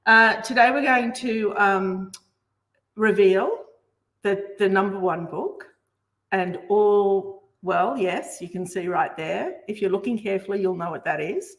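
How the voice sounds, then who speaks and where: A woman's voice: mid-range voice, unhurried, fairly bright tone. A woman hosting a book show, presenting in an enthusiastic, chatty way. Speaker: host.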